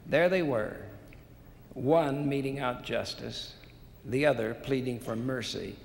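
Brief: gravelly male preacher, slow and deliberate storytelling, long reverb of a large hall. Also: medium pitch. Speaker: church leader giving a conference talk. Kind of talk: sermon with parable storytelling.

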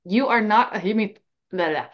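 A stern, cynical male wizard professor barks at his students, gruff and short on patience, as a woman reader puts him on. He speaks in a raised, slightly lifted voice. The audio is a little muffled and lo-fi. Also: medium pitch, moderate pace, lightly acted. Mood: cross. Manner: gruff, cross and impatient.

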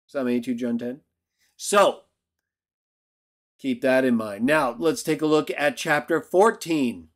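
A man's voice: medium pitch, measured pace, long pauses. A man teaching a Bible lesson in a video, argumentative and emphatic, who keeps checking in with "right?". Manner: emphatic outbursts. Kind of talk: lecture-style video commentary.

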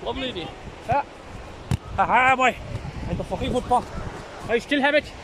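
A man playing a gruff old Kerryman. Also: very high voice, animated, moderate pace. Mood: gruff teasing. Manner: gruff, cursing, teasing. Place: outdoors at a windy beach. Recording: wind and waves noise. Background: wind and surf.

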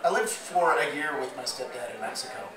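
Man, slightly hoarse, profane live storyteller, recorded from far off with room echo. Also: medium pitch, brisk. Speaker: spoken word performer. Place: bar or club stage. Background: crowd murmur.

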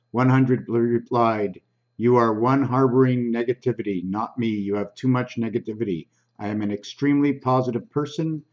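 A man hosting his own channel, slowly reading comments aloud in a halting, casual way with frequent ums. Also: mid-range voice, darkish tone, muffled recording.

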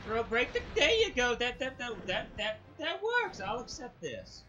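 A man hosting a let's play, giving excitable commentary that stammers and bursts into frustrated yelling. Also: very high voice, a little slow, slight background noise. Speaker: gaming channel host. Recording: dull lo-fi sound with game music. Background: game music.

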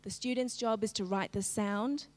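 A woman teaching a live-streamed phonics lesson, slowly segmenting each sound in a word and prompting the class to join in. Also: medium pitch, fairly even intonation, in a large hall. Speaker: literacy teacher.

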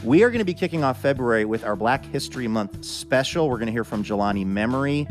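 A man hosting a live radio show from a theater stage, upbeat and quick with his announcements. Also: mid-range voice, expressive, soft background music.

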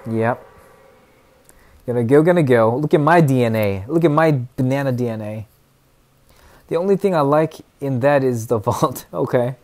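A young man giving excitable, chatty commentary while streaming a shooter game, dropping to mumbles and then bursting out loud. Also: medium pitch, normal speed, long pauses. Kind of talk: live gameplay commentary.

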